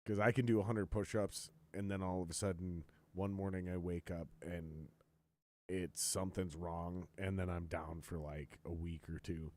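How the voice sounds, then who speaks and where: A man hosting a podcast, telling stories in a profane, ranting way and loudly acting out what others said. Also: sits low, steady tone, normal speed. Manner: profane, ranting storyteller, quotes others in raised voice. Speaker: podcast host. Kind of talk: casual chat.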